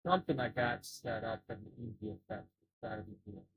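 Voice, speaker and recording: A man hosting a casual live stream who talks in a halting way and often repeats his words. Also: lowish voice, lively intonation, gravelly, poor audio.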